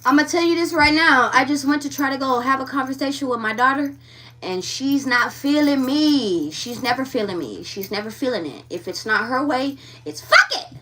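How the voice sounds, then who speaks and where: A woman's voice: high voice, animated, moderate pace, sharp tone, far from the mic, a little hiss or hum. A woman giving a live tarot reading, talking frankly and with animation straight to her viewers. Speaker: tarot reader.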